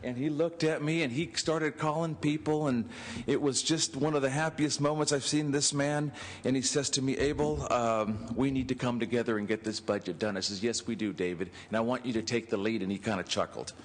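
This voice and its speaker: On the floor of a legislative chamber, a state senator gives an anecdotal tribute speech, chuckling as he acts out the dialogue of his stories. His voice is medium-pitched and steady, brisk with hardly any pauses. The chamber's long reverb and faint ambience come through in the recording.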